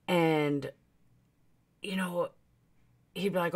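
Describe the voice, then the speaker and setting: A woman's voice: extremely low pitch, normal speed. A woman vlogger telling a personal story, candid and profane, with emotional swings.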